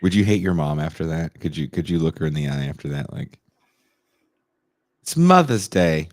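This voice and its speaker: A man co-hosting a podcast in casual chat, bantering in a wry, expressive way. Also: very deep voice, fast talker. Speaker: podcast co-host.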